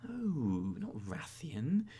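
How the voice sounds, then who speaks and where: A woman's voice: extremely low pitch, wildly swooping pitch, drawn-out words, mellow, slightly rough. A woman co-hosting a casual podcast chat, playful and joking, putting on silly voices now and then. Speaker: podcast co-host.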